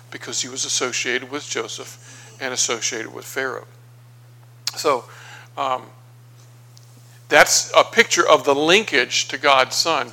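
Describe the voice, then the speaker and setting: A man preaching a sermon through scripture, conversational and unhurried, pausing on fillers as he thinks aloud. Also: fairly high pitch, pushed and bright, low-quality recording.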